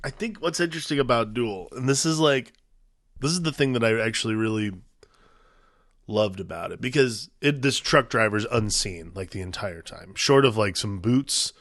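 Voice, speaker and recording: A man co-hosting a podcast, telling a relaxed anecdote and offering short agreeing replies. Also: mid-range voice, normal speed, dry recording, studio quality. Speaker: podcast co-host. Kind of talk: casual chat.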